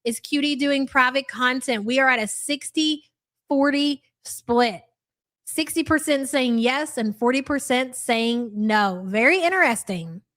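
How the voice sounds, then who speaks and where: Brief: young woman, fairly high voice, blunt and profane reaction-stream host. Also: a little slow, a bit bright. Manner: blunt, swears freely. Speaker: livestream host. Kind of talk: live reaction commentary.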